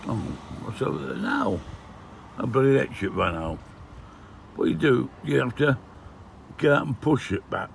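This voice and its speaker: A deep, gravelly voice comes from an older van life vlogger touring villages, filming handheld outdoors and from his van. He chats casually with grumbly "eh?" asides, over a little hiss or hum.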